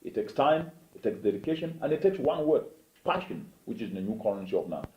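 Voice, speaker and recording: A man's voice: on the low side, very animated, fairly quick, roomy sound, muffled recording, a little hiss or hum. A man hosting a motivational interview show, speaking emphatically and preachily, with rhetorical questions. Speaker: host.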